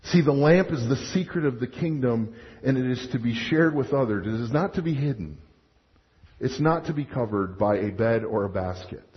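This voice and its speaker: A male pastor preaching a sermon in an animated way, acting out little scenes and restarting his sentences. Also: mid-range voice, moderate pace. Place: church sanctuary. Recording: muffled sound with long hall reverb.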